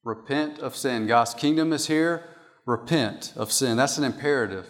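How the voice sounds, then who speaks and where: A man's voice: medium pitch, normal speed. A man preaching a sermon from an outline, emphatic and repeating his key points. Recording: long hall reverb.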